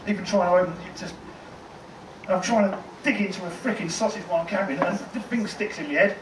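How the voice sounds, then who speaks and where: A man's voice: high voice, quick pace. A man doing a rambling, conversational stand-up set, with a lot of swearing, in a tent in a car park. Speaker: stand-up comedian. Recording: echoey tent, distant mic, noisy.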